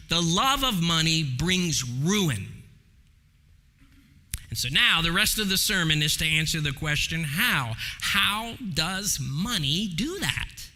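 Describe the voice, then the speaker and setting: A male pastor preaching a sermon to his congregation, emphatic, slowing down dramatically and raising his voice for key points. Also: high-pitched, very animated, bright, forceful tone. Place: church sanctuary. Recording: long hall reverb in a church.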